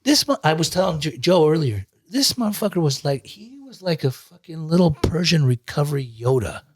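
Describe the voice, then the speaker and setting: Give me a man with a fairly high voice telling his life story as a guest. He swears constantly and talks in a lively, streetwise way. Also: brisk, husky. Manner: profane, animated, streetwise. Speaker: guest, recovery coach. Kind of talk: casual storytelling.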